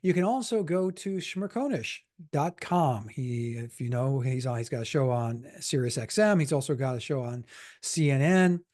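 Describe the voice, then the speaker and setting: A middle-aged man co-hosting a political podcast, wry and quick to correct and tease. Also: mid-range voice, lively intonation, darkish tone. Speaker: podcast co-host, political cartoonist. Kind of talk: casual political chat.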